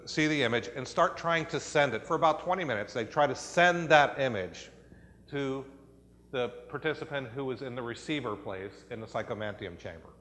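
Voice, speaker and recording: A man's voice: mid-range voice, fairly bright tone. Man presenting research in a reverberant hall. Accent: American. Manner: explanatory, with frequent fillers and restarts. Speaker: conference presenter. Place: conference hall.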